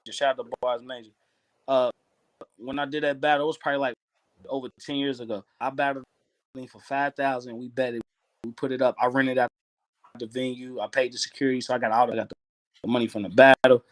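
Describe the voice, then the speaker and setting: Laid-back Kentucky rapper, dry close sound. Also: male voice, medium pitch, level tone, fast talker, dry recording. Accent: Kentucky Southern. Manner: laid-back slangy storytelling. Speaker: rapper guest. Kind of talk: casual interview chat.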